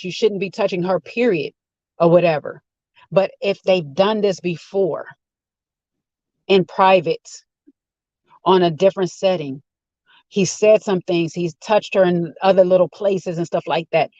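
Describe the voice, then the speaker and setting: A man's voice: sits high, a little slow, long pauses, darkish tone, no room sound, dull audio. A man giving a rambling, opinionated casual rant while sitting in a car. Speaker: vlogger. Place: inside a car.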